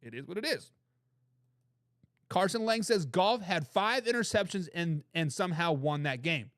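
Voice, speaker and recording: Here a man with a high voice argues emphatically on his football talk show at a moderate pace, taking time to read chat comments. Animated and opinionated, he repeats phrases for emphasis; the audio is studio quality with no room sound.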